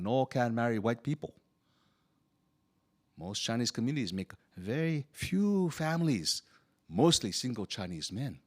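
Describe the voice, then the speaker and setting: A man storyteller playing a humble, good-humored Chinese immigrant laborer who speaks in broken English. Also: mid-range voice. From Hawaii. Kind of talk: first-person character storytelling.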